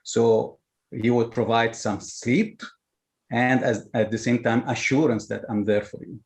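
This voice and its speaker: A man's voice: mid-range voice, flat delivery, measured pace. A man in a webinar on a video call, sharing a personal example in a hesitant way with many fillers. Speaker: webinar participant. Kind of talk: sharing an anecdote.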